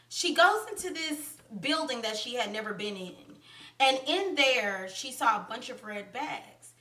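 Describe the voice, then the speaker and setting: Chatty woman film reviewer, high and bright, echoey room, a bit off-mic. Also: recorded from a distance. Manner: chatty, animated storytelling with slang and asides. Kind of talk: casual film plot recap.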